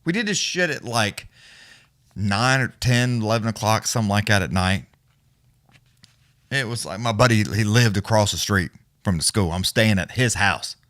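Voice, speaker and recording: A man with a fairly low, fairly bright voice and lively intonation hosts a live fight watch-along, speaking at normal speed. He chats loosely and chuckles through rambling, profane stories. The studio recording is clean with no echo.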